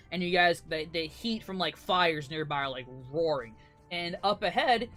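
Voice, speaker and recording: A man's voice: high-pitched, pushed and bright. A man narrating a tabletop role-playing game as game master in a loose style, using lots of "like" and laughing often. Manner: loose, filler-heavy narration with frequent laughs.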